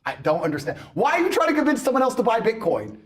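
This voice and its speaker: A man ranting on a podcast in a boastful, mocking way, mimicking people in loud bursts. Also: very high voice, wildly swooping pitch, fast. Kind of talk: animated podcast rant.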